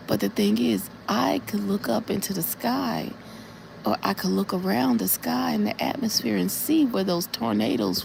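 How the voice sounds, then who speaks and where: Woman, live stream, recounting a dream, earnest and repetitive, slightly high voice, very creaky. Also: a little mellow, slight background noise. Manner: earnest, repetitive storytelling, speaking straight to her viewers. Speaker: livestreamer.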